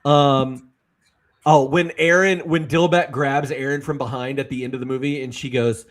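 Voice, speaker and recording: A man's voice: mid-range voice, fairly even intonation, moderate pace. A man co-hosting a casual movie chat podcast, eagerly quoting favorite lines and laughing along. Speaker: podcast co-host.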